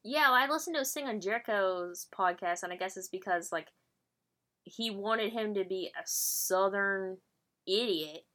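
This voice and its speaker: A woman's voice: medium pitch, moderate pace, bright, forceful tone. A woman co-hosting a podcast, chatting casually and bluntly about wrestling, laughing often and swearing freely. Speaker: podcast co-host. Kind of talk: casual chat recapping wrestling.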